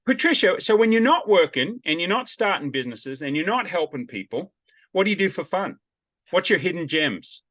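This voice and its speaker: A man hosting a podcast over a video call, chatting casually and telling animated stories. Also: sits high, moderate pace. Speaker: podcast host. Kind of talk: casual interview chat.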